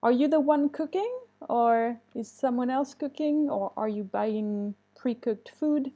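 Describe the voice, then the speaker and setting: A woman's voice: a little high, unhurried, dark tone, dull audio. A woman teaching an online English class, reading student answers aloud and commenting kindly, switching to to correct mistakes. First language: French.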